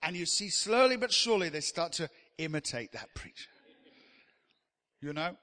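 A man's voice: on the high side, big pitch swings, normal speed, bright, forceful tone, long reverb tail. A man preaching a sermon in a chatty, joking way, teasing the congregation.

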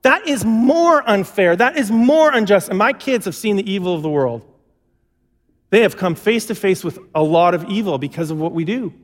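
A man's voice: sits high, animated, normal speed. A male pastor preaching a sermon, telling stories and acting out the lines he quotes. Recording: long hall reverb.

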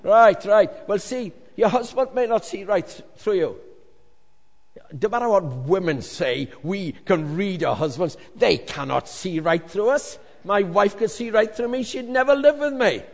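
A male pastor preaching a lively sermon to a congregation, with jokey asides, swinging from loud to hushed. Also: high-pitched, measured pace, creaky. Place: large hall with congregation. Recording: long reverb of a large hall.

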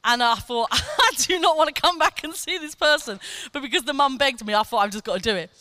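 A woman preaching a sermon, telling a personal testimony in an animated way and acting out quoted lines. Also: high-pitched, a little fast, no room sound. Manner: animated storytelling, acts out quotes, laughs often.

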